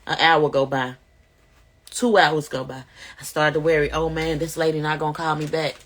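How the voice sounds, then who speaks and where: A woman, a mother of five, telling her life story casually to a phone camera at home and acting out the voices she quotes. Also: normal speed. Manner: animated, acts out quoted voices, rising high when excited.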